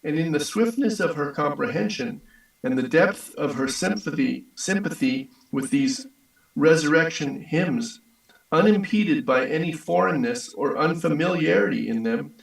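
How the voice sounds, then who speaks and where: Male reader, measured, gravelly tone, distant mic, heavy room echo. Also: on the high side. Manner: steady, measured reading. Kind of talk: reading a text aloud.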